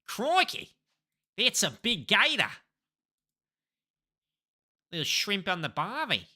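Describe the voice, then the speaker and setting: An exaggerated mock Australian bloke, put on by a streamer, hammy and full of mates. The delivery is slow and drawn out, with a swooping, lively pitch. The tone is bright. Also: male voice, exaggerated voice. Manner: hammy, repeats mate at the end of lines. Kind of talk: livestream accent bit.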